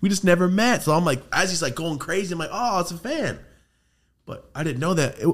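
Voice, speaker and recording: A man hosting a podcast, telling a rambling, profane story in casual chat and getting animated as it builds. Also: high voice, a little fast. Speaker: podcast host.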